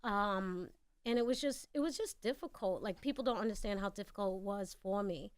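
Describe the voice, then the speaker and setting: A woman's voice: mid-range voice, fairly quick, smooth, dry recording, studio quality. A woman with a New York accent, a guest actor telling her story in a blunt, candid way in a casual radio interview. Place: radio studio.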